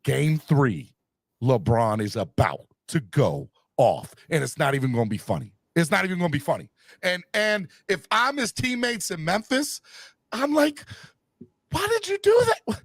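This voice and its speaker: Ranting, gravelly-voiced man, lively pitch. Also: normal speed, dry recording, clean studio sound. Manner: animated, ranting, bursts into shouting. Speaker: sports podcast host. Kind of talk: heated sports talk.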